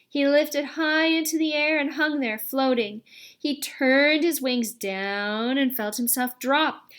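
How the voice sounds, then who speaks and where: A woman narrating a children's storybook aloud in a gentle, expressive read-aloud way. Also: sits high. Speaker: audiobook reader.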